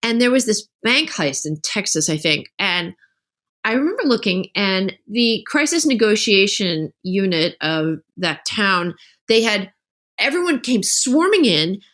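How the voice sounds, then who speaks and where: A middle-aged woman talking casually as a guest author on a podcast, telling animated stories and acting out the lines of other people. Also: medium pitch, unhurried. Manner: animated storytelling, acts out quoted dialogue.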